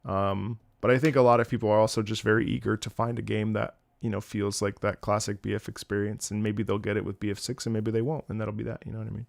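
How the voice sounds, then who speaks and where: A man's voice: fairly low pitch, fast talker, gravelly, hardly any pauses, no room sound. A man chatting casually on a livestream, telling joking stories and swearing often. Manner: animated, joking storyteller with frequent swearing. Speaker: streamer.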